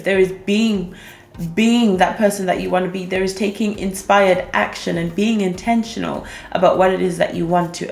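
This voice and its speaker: A young woman talks straight to camera as a coach, chatty and upbeat, tagging her points with quick check-ins. Her voice has a gravelly edge. The room rings with echo, and faint music sits underneath. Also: mid-range voice. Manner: chatty and upbeat, with frequent "okay?" and "right?" tags. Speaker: manifestation coach. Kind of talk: casual talk-to-camera advice vlog.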